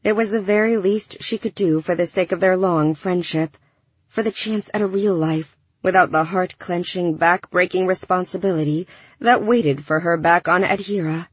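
A woman narrating a science fiction audiobook in a measured, even storytelling manner. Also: lowish voice, slightly rough, no room sound. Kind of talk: scripted narration. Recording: dull dry studio recording.

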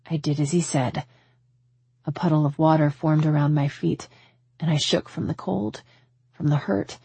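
Husky, gravelly woman narrating an audiobook. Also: low voice, steady tone, normal speed, pauses often, mellow, no room sound. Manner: emotional, intimate storytelling. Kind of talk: first-person romance audiobook narration.

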